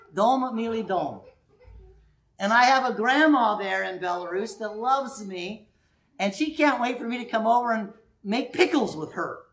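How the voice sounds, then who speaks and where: A man preaching a sermon in a conversational, animated way, with sudden quiet asides. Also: high voice, slight background noise. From United States.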